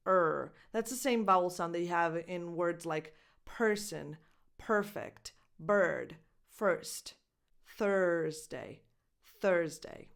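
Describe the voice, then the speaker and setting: Slow, careful woman English coach. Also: on the low side, a bit bright. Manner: slow, exaggerated word-by-word modelling. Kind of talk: pronunciation lesson.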